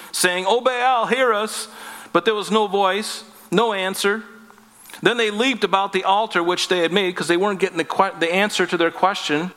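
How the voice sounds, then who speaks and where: A man's voice: high-pitched, fairly bright tone. A man preaching a sermon with emphasis, asking rhetorical questions and adding wry asides. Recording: long hall reverb.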